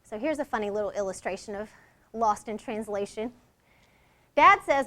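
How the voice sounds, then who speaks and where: A woman's voice: medium pitch, animated, normal speed, pushed and bright. A middle-aged woman leading a workshop, talking in a conversational way and acting out example lines in different tones. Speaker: workshop leader. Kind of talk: workshop presentation.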